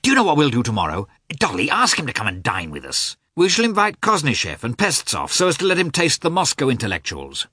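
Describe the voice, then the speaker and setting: A man reading aloud, voicing a jovial, gushing middle-aged gentleman who is eager and effusive. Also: mid-range voice, huge pitch swings, brisk, few pauses, husky, no room sound, clean studio sound, voice pushed up, full character voice. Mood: breezy. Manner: effusive, eager, talks over others.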